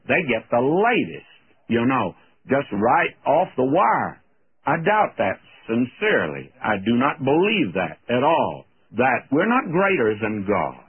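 Husky-voiced man preaching over old radio. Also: mid-range voice. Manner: reads scripture aloud, then explains it plainly. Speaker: radio Bible teacher. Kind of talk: sermon, verse-by-verse Bible teaching. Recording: narrow phone-like old radio broadcast.

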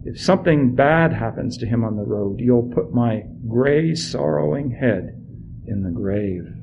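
A man voicing a weary, grieving aged father, speaking quietly and slowly. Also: mid-range voice, animated, muffled recording, a little hiss or hum. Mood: despairing. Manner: quiet, slow and heavy.

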